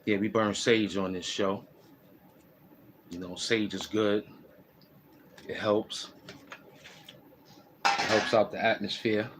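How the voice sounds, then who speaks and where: A man's voice: fairly low pitch, level tone, takes it slowly, pauses often, fairly bright tone, a little hiss or hum. A man hosting a casual walking vlog, giving loose, repetitive, slangy street advice. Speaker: host. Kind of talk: rambling streetwise monologue. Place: outdoors in the cold.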